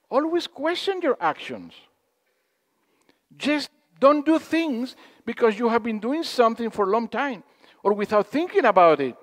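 A man giving a spiritual talk to an audience in a hall, telling stories, acting out quotes and putting questions to the listeners. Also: high-pitched. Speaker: speaker at a spiritual gathering.

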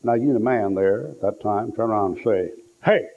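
A man preaching a sermon, telling folksy stories and acting out the people in them, sometimes shouting for effect. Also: lowish voice, fairly quick. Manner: folksy storytelling, acts out quotes, shouts for effect. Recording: tinny lo-fi phone-like sound.

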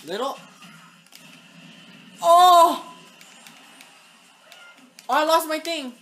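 A woman giving live gameplay commentary, excitable, talking to the game and yelling at opponents. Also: high voice, measured pace. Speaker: gaming channel host.

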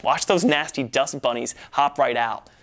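A man's voice: medium pitch, normal speed, a bit bright, a little hiss or hum. A man giving a playful, exaggerated comedic demonstration as a presenter. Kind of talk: comedic product demo.

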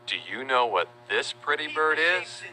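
A man narrating a children's educational video, spelling out words letter by letter in a friendly, deliberate way. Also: mid-range voice, sing-song, pushed and bright, faint music behind. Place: voice-over.

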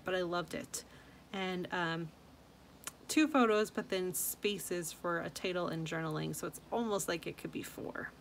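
A woman hosting a scrapbooking channel, chatting casually and gushing over viewers' layouts, with frequent soft asides. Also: medium pitch, slight background noise.

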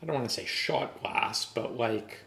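A man's voice: mid-range voice, moderate pace, gravelly, fairly bright tone. A man chatting casually in a home kitchen while taste testing, dry and laid-back. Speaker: vlogger's partner, taste tester. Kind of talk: casual chat. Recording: echoey kitchen room.

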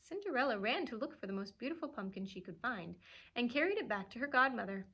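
A woman librarian reading a storybook aloud to children, expressive and animated, pausing to chuckle at the pictures. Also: on the high side, husky, dull audio.

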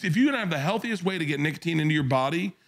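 Animated, lively comedian storyteller man. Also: a little high, quick pace. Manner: animated storyteller, acts out voices; profane, enthusiastic. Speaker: comedian guest. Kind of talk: casual podcast chat.

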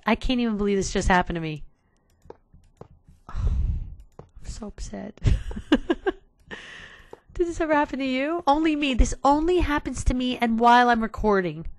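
A woman's voice: a little high, no room sound. A woman hosting a casual let's play, talking to her viewers in an exasperated way and sighing often. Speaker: gaming channel host.

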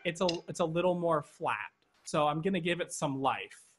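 A man's voice: fairly high pitch, expressive, normal speed, loud music behind the voice. Man teaching drums over a drum kit. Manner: explains steps, checks in with okay. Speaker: drum instructor. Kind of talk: online drum lesson. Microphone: video call. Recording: drums loud behind voice. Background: drum kit playing.

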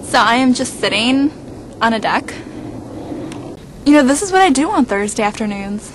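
A woman's voice: fairly high pitch, lively intonation, normal speed, a little hiss or hum, rough recording. A young woman vlogging casually in a snowy backyard, playful and self-mocking, talking into a handheld camera. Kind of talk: casual vlog.

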